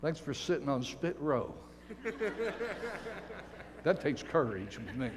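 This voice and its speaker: A man's voice: medium pitch, expressive, takes it slowly, crowd noise. A man in his sixties, a guest preacher giving an emphatic, folksy sermon full of stories and jokes in a church sanctuary. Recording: long church reverb.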